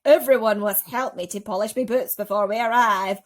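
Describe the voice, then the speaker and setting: A woman doing a loud, vain centipede. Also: medium pitch, steady tone, normal speed, natural voice. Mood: fussy. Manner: loud, fussy, folksy "me boots". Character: vain boastful male centipede.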